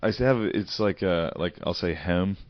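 A man's voice: low-pitched, normal speed. A young man from northern Pennsylvania with a western Pennsylvania accent, trading laid-back, self-mocking banter with plenty of swearing. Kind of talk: casual chat. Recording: dry dull lo-fi audio.

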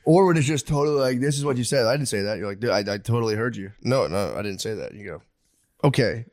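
A man in his own loose, rambling chat, swearing freely and jumping into animated voices when he quotes anyone. His voice sits at an ordinary middle pitch for a man. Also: fast. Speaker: comedian and podcast co-host. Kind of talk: casual comedic chat.

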